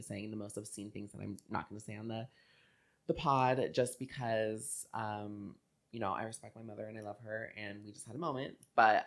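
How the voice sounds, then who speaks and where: A young woman co-hosting a podcast, telling a story in casual chat, animated and full of fillers and swearing. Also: very deep voice. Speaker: podcast co-host.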